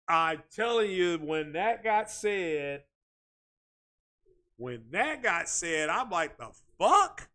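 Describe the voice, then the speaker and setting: Ranting through casual tech talk, a male tech video host speaks in a high, bright, forceful voice at a slow pace with frequent pauses. His delivery is animated and repetitive, leaning constantly on the filler "you know."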